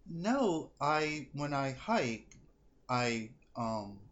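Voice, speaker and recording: The audio is dull, and his mid-range voice moves at normal speed. As co-host of a laid-back podcast where he's the psychic reader, he spins lively stories and acts out people's lines.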